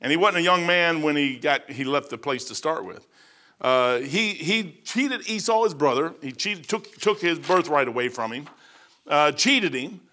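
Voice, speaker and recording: Middle-aged pastor guy preaching, bright forceful voice, folksy stories, a bit high. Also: expressive, moderate pace. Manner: folksy storytelling, acts out quotes loudly. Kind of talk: sermon.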